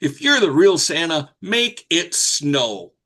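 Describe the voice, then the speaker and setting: A man's voice: on the high side, very animated, slow, pushed and bright, pitched above the performer's own voice, exaggerated voice. A man voicing an exasperated six-year-old girl who demands proof from Santa. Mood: challenging. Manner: insistent, demanding.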